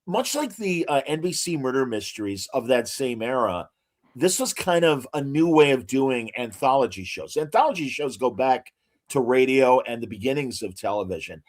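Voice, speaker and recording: This podcast co-host has a sing-song, medium-pitched voice and a normal speaking speed. He chats casually and with enthusiasm, heavy on trivia and filler words.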